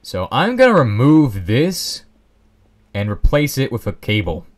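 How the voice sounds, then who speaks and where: A man's voice: medium pitch, huge pitch swings, measured pace. A young man casually commenting on his own gameplay, rambling and joking at his own expense. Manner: rambling, self-mocking, joking asides. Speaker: Let's Play host.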